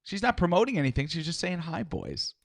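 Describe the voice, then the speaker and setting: A man co-hosting a comedy podcast, teasing his partner in a deadpan, casual way. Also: a little high, brisk, creaky, no echo, clean studio sound. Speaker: podcast co-host.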